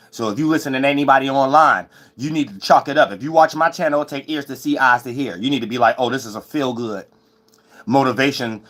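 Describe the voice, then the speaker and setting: A man's voice: mid-range voice, a bit bright. Profane, scolding preacher man. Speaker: self-styled preacher. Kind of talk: late-night livestream sermon.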